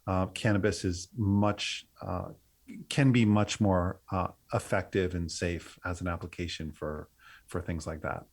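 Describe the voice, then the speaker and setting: A middle-aged man being interviewed on a podcast, with a lowish voice. He talks earnestly and at length, stumbling over restarts as he works through his thoughts. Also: fairly even intonation, a little slow. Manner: rambling, many restarts, earnest. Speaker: guest, company CEO. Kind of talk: casual interview.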